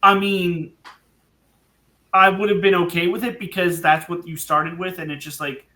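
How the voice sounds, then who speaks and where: A man's voice: sits high, little pitch movement, moderate pace, sharp tone, roomy sound. A man who is a guest in a casual podcast discussion, speaking hesitantly with many false starts.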